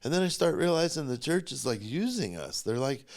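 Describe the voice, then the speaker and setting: A man's voice: a little high, sing-song, a little fast, darkish tone. A middle-aged man, a podcast guest, telling his personal story in a blunt, profane and emotionally charged way.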